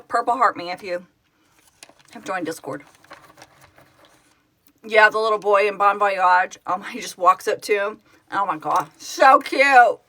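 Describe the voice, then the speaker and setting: A woman who founded a fan project, hosting a casual live stream, answering viewers' comments in an excitable, gushing way and laughing often. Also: mid-range voice.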